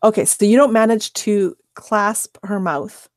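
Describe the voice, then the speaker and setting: A woman narrating a tabletop game as game master, calm and measured, checking rules as she goes. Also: medium pitch, no echo, clean studio sound.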